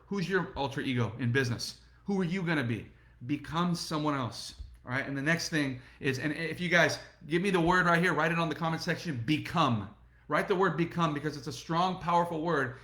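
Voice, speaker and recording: A middle-aged man giving an energetic motivational talk to camera and speaking straight to his viewers. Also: a little high, roomy sound. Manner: energetic, repetitive, addresses viewers directly. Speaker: network marketing motivational speaker.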